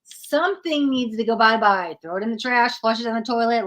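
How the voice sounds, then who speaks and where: A woman's voice: a little high, fairly quick, a bit bright. Chatty woman doing live tarot readings. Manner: chatty, informal, thinks aloud. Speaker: tarot reader.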